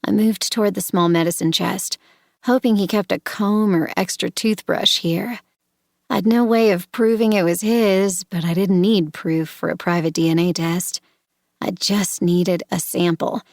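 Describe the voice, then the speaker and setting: Brief: woman reading a first-person audiobook, low and gravelly, tense, measured delivery. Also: fairly even intonation, darkish tone, dry recording, clean studio sound. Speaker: audiobook narrator.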